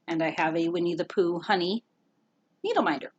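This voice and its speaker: A woman's voice: on the low side, brisk, slightly rough, lo-fi sound. A woman co-hosting a casual show-and-tell chat, easygoing and rambling with plenty of fillers. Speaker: co-host.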